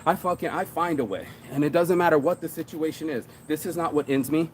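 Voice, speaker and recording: A man's voice: on the high side, a little fast, slight background noise. A man giving a casual motivational monologue about business, slangy and swearing often, hyping himself up. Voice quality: slangy street talk, says bro a lot. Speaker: entrepreneur and shirt designer.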